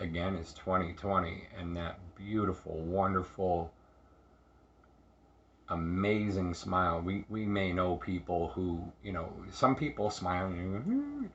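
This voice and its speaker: A man telling a personal story in a halting, reflective way, repeating words and restarting often. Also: deep voice, creaky, fairly bright tone, highs cut off. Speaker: speaker sharing recovery story.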